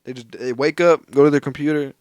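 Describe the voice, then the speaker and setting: A man's voice: medium pitch, fairly even intonation, fast, darkish tone, no echo, studio quality. A young man from Texas, co-hosting a podcast, telling loose, profane stories in casual chat. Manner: loose, profane storytelling with put-on voices. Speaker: podcast co-host.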